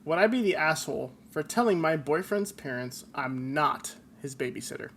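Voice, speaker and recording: A man's voice: a little high, animated, moderate pace, fairly bright tone, slight background noise. A man in his twenties co-hosting a comedy podcast, joking around, laughing often and reading listener stories aloud. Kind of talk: casual comedic chat.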